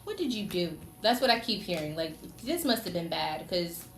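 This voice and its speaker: A woman's voice: lowish voice, big pitch swings, moderate pace, fairly bright tone. A woman giving a casual tarot reading, chatty and teasing, talking straight to the signs she reads for. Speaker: tarot reader. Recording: echoey room with faint noise.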